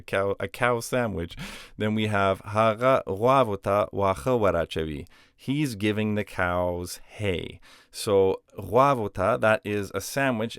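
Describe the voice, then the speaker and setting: Patient man teaching grammar, low voice. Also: clean tone, no echo, clean studio sound. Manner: patient, explains step by step with examples. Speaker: language teacher. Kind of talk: grammar lesson.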